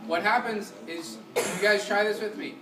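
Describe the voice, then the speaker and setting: Male music teacher, energetic classroom delivery with quick questions and sung demos; distant, roomy recording with background noise. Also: high-pitched. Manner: sings short syllables to demonstrate. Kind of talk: classroom lesson. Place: community center room.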